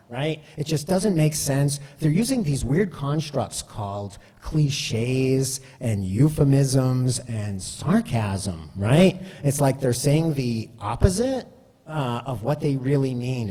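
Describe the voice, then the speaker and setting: Man, presenter, mellow, loose and chatty with lots of fillers, long hall echo. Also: mid-range voice, husky. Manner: conversational, frequent fillers and "right?" asides. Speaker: speaker giving a talk. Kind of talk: storytelling presentation.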